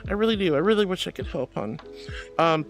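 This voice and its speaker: A man's voice: high-pitched, lively intonation, a little fast, soft background music. A man streaming live, casually reading chat and showering viewers with pet names like honey and darling, playful and giggly.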